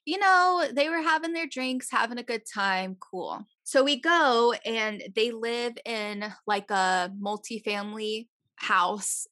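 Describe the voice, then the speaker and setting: A woman chats casually on a podcast, telling a story and acting out what people said, with plenty of swearing. Her voice is bright and forward. The sound is dry and close. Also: fairly high pitch, slow pace, hardly any pauses, dry recording. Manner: chatty, swears freely, acts out quotes.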